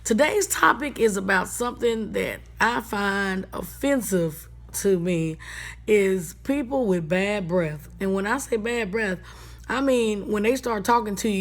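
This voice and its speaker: A woman's voice: mid-range voice, animated, unhurried. A woman hosting a radio talk segment, talking bluntly and sassily in a casual monologue. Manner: blunt, sassy, colloquial.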